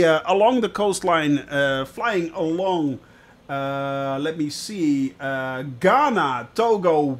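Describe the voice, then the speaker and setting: A man streaming a flight simulator, chatting to viewers in a relaxed way with many filler sounds. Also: sits high. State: watery eyes, about to sneeze. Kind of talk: live-stream commentary.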